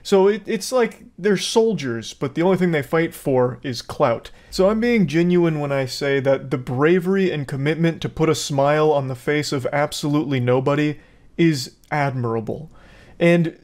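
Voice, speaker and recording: A man's voice: a little high, lively intonation, moderate pace, darkish tone. Sarcastic man ranting on camera. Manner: sarcastic, blunt and profane. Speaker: commentary host. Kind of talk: ranting video commentary.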